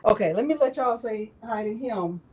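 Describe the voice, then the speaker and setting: A woman's voice: a little high, moderate pace, darkish tone, husky, rough recording. A woman hosting a live crafting stream in casual chat, rambling and emotional, often repeating herself.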